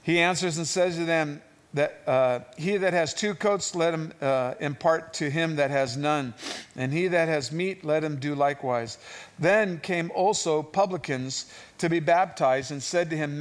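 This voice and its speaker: Man teaching scripture, slightly high voice. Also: normal speed. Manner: conversational, rising to animated voices for quoted figures. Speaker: Bible teacher. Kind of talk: sermon-style Bible teaching.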